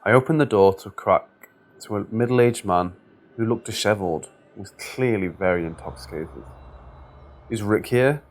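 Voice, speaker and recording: A man narrating true scary stories, steady and measured in his reading. His voice sits on the low side. It is a scripted narration for a story channel.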